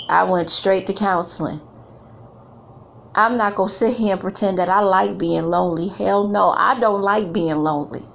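Blunt woman with a gravelly voice. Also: mid-range voice, moderate pace, a little hiss or hum. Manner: blunt, emphatic, repeats phrases for effect. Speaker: speaker addressing women. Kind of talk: candid motivational talk.

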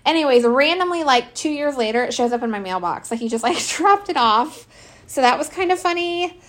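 A woman's voice: high voice, animated, a little fast. Brash, swearing mother telling stories. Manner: brash, profane, laughing. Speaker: podcast host. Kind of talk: casual storytelling.

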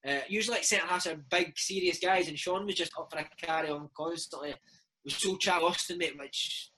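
Scottish ex-footballer in his 30s, husky, bright tone, chatty stories full of mate and man. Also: on the high side, brisk, low-quality recording. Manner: lively, animated anecdotes peppered with "mate" and "man". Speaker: former footballer, interview guest. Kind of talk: casual storytelling interview.

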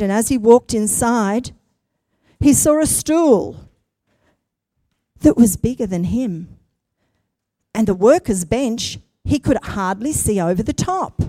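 A woman telling a children's story in an expressive, unhurried way, turning to her listeners now and then. Her pitch sits in a middle range. The sound is close and dry. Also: dry recording. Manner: expressive, addresses listeners directly.

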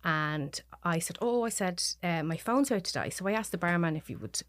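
Soft-spoken Dublin woman, dry close sound. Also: fairly low pitch, lively intonation, normal speed, no echo. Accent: Dublin Irish. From Ireland. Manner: soft-spoken, drops to near whispers in quotes. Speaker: podcast guest. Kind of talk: personal storytelling.

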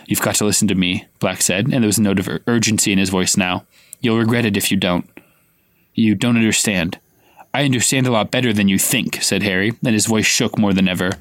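A man's voice: lowish voice, brisk, fairly bright tone, dry recording. Man reading a novel aloud, dry sound. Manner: reads dialogue with light acting, stops to quiz his co-host. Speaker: podcast co-host reading aloud. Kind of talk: casual read-aloud of a novel with banter.

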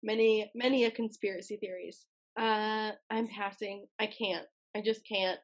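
A blunt, opinionated woman co-hosting a casual chat show. Her voice has a husky edge, and she laughs often between strong opinions. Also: mid-range voice, fairly even intonation, unhurried. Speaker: podcast co-host.

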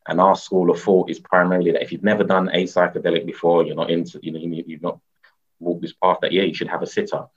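Low husky man, lo-fi sound. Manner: rambling, many "you know" fillers, laughs often. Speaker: guest, mushroom educator. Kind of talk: casual conversational interview. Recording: dull lo-fi sound.

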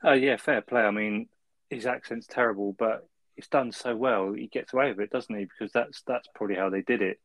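A man's voice: fairly low pitch, steady tone, fairly quick, a bit bright, no room sound, low-quality recording. A man co-hosting a film review podcast, easygoing and chuckling, ending points with tag questions. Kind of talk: casual chat.

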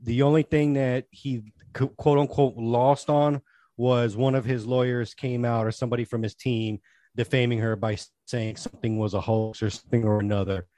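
A man's voice: mid-range voice, moderate pace, no room sound. A man in his forties co-hosting a podcast, chatting casually and rambling through stories. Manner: rambling storyteller, chatty and animated. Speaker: podcast co-host. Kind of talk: casual chat.

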